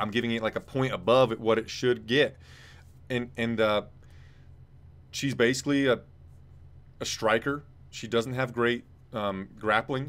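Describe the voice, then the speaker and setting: A man's voice: medium pitch, a bit bright. Rambling blunt male co-host. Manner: rambling, blunt, swears freely. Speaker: co-host rating fights. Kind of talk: casual chat.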